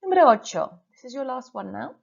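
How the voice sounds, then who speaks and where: A woman Spanish teacher giving a recorded lesson, reading dictation sentences slowly and carefully, then going through corrections. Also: high-pitched, very animated, creaky, highs cut off. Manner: slow, carefully spelled-out dictation.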